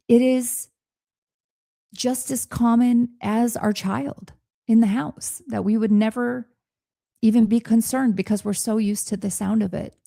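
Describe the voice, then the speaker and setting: Earnest woman coach with a gravelly voice. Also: mid-range voice, a little mellow, no room sound, clean studio sound. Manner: earnest, encouraging, speaks directly to listeners. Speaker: podcast host and coach. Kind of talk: reflective coaching talk.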